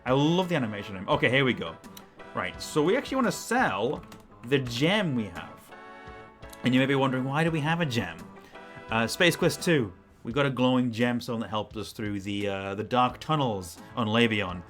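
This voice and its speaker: A man's voice: mid-range voice, expressive, normal speed, a bit bright, soft background music. A man giving casual, rambling commentary while playing through an old game. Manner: chatty, rambling asides with fillers. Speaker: let's play host.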